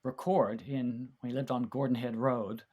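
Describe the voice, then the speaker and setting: A man with a steady, mid-range voice talks at normal speed as a podcast guest. He reminisces in casual chat, telling warm, rambling stories with many fillers and restarts.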